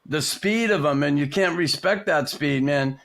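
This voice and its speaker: A male podcast host in a relaxed chat, his voice sitting a little high. He talks loosely, with fillers and restarts. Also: a little slow. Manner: conversational, many fillers and restarts. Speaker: podcast host, former hockey player. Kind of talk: casual chat.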